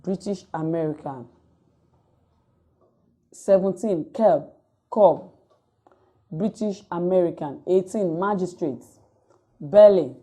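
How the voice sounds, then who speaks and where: A woman lecturer with a low, dark voice reads word lists item by item. Her delivery is measured and dictation-like, recorded for a distance-learning lecture.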